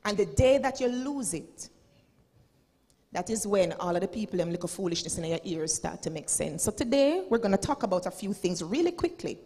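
A woman's voice: mid-range voice, expressive, brisk, warm tone, slightly rough, long reverb tail. A Jamaican woman in her forties, a school principal giving a dramatic, preachy motivational speech and slipping into Patois. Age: 40s. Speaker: school principal and keynote speaker.

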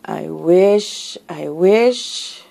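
Emotional woman vlogger, gravelly voice, slow rambling delivery. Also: lowish voice. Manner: emotional, tearful, gushing; rambling with many restarts and soft asides. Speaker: vlogger opening happy mail. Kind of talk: casual vlog.

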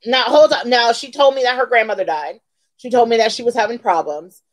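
A woman's voice: on the high side, fairly quick, rough recording. A woman in her forties hosting her own channel, telling a heated story with emphatic repetition. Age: 40s. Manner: heated, emphatic, repeats lines for effect. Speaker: beauty channel host. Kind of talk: venting storytime vlog.

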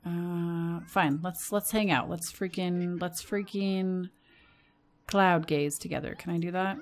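A woman's voice: fairly low pitch, a little hiss or hum. Chatty American woman playing a game. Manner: chatty, talks to her game characters, quick bursts of excitement. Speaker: gaming channel host. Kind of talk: casual let's-play commentary.

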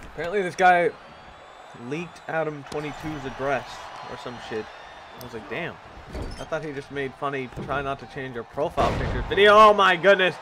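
A man doing casual, profane play-by-play commentary of a wrestling video game, excitable and jokey, often shouting and laughing. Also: medium pitch, normal speed. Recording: loud crowd and game noise behind. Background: video game arena crowd.

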